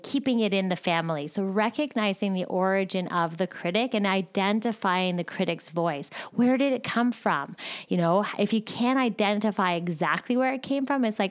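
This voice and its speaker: A woman's voice: mid-range voice, clean tone. A young adult woman talking casually about a book, with many fillers and restarts. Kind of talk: casual talk summarizing a self-help book.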